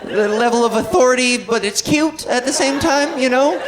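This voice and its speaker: A woman's voice: high voice, normal speed. A woman in her thirties performing a stand-up comedy set on a club stage, telling rambling, playful stories. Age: 30s. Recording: noisy club with laughing crowd.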